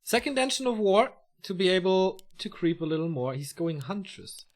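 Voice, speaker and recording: A man's voice: high-pitched, sing-song, moderate pace. A man casting a strategy game match alone, calling the play and joking between calls. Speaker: esports caster. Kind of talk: solo play-by-play game commentary.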